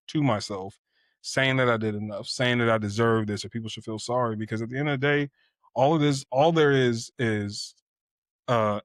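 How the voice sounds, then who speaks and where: On a podcast, a twenty-something man with a mid-range voice tells a personal story in a candid, reflective, casual way, sprinkling in lots of "you know." The sound is clean studio quality with no room sound.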